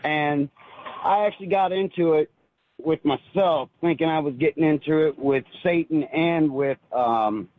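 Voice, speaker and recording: A man calls in and tells his story in an earnest, rambling way, stumbling over repeated words. His voice sits on the high side and sounds husky. The line is thin and phone-like, with no room around it. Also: a little slow. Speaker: caller. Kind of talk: emotional call-in storytelling.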